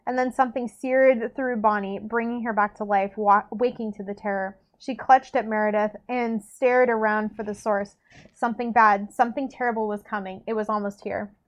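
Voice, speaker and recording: A woman casually reading a novel aloud, often stumbling over words and correcting herself. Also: fairly high pitch. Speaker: reader. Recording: dull lo-fi recording.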